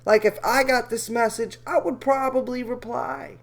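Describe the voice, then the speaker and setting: A man's voice: very high voice, steady tone, normal speed. A man giving profane, rambling commentary as he reads out chat logs, ranting and correcting himself as he goes.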